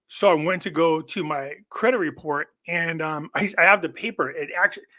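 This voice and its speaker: A man's voice: fairly high pitch, a little fast, pushed and bright. A man who is a guest on a live online show, telling long stories in a rambling way and often restarting his sentences. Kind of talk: casual chat.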